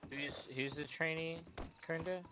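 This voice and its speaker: Bright-voiced man, halting role-play sheriff. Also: fairly high pitch, fairly even intonation, a little hiss or hum. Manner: hesitant, halting, many fillers and restarts, friendly greetings. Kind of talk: casual in-character role-play chat.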